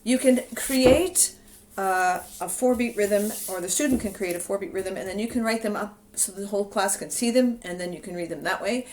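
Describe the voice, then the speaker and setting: A woman teaching music, speaking straight into the camera she films herself with. Her manner is relaxed and explanatory, with a mid-range voice. A faint background hiss sits under her talk. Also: medium pitch, moderate pace. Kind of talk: instructional video talk.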